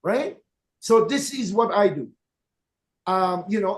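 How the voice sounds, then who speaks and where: A man's voice: sits high, animated, slow pace. A man who leads in network marketing, telling motivational stories in an emphatic, direct way and repeating his key points. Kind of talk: motivational storytelling talk.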